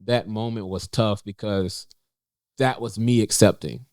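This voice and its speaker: A man's voice: on the low side, steady tone, darkish tone, clear, resonant tone, no room sound, clean studio sound. A young man, a podcast co-host from North Carolina, telling a personal story in casual conversation with many fillers and restarts. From North Carolina, USA. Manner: halting, many fillers and restarts, voice lifts when quoting himself. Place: indoors in a cafe.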